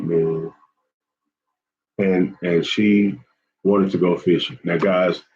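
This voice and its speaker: A man's voice: low-pitched, a little mellow, dull audio. A man hosting a fishing channel, chatting casually with viewers on a live stream. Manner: chatty, repetitive, often says man and y'all.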